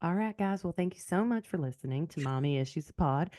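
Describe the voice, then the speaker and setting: A woman putting on an exaggerated slow Southern drawl to read a listener review aloud, as a joke on a podcast recorded over a video call. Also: on the low side, lively intonation, dark tone, no echo, clean studio sound, lightly acted. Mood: chirpy. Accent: put-on Southern US. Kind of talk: comic put-on voice on a podcast.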